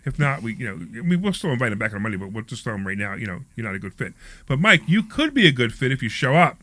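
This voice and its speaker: A man's voice: mid-range voice, fast, no room sound. A man hosting a radio call-in show about money, telling stories animatedly and acting out the people in them. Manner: animated storyteller, acts out quoted voices. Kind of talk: casual talk radio chat.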